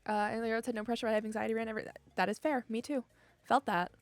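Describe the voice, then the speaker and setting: A woman's voice: a little high, steady tone, very fast, no room sound, faint music behind. A young adult woman streaming from home, chatting casually with her viewers in a giggly, easily emotional way. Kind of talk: casual chat with live viewers. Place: home room.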